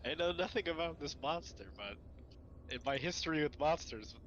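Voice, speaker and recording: A man's voice: fairly high pitch, lively intonation, moderate pace, a bit bright, lo-fi sound, slight background noise. A man playing a tabletop game, jokey and full of questions. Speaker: player. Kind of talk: casual tabletop game chat.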